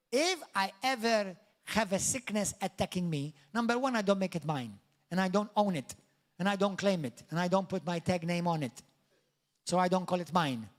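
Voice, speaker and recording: High-voiced preacher, emphatic. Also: male voice. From Malta. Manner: emphatic, declamatory preaching with rising exclamations. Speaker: pastor. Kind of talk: sermon.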